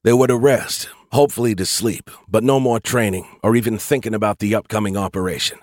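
A man narrating an audiobook in the first person, reading at a steady, measured pace. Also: fairly low pitch, no echo.

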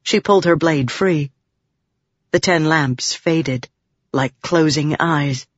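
An audiobook narrator giving an even, measured reading of a fantasy novel, in a dull, dry recording. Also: medium pitch, no room sound.

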